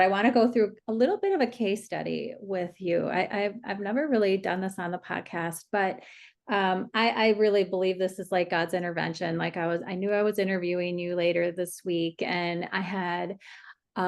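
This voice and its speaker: A woman's voice: lowish voice, a little mellow. A woman hosting a podcast, a dietitian talking in a chatty, casual way with many fillers and easy laughs.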